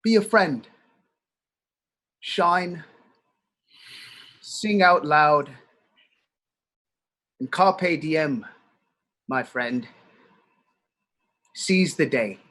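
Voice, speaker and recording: A man's voice: on the high side, drawn-out words, pauses often, bright, forceful tone. A man improvising an earnest, solemn recitation in a comedy scene over a video call.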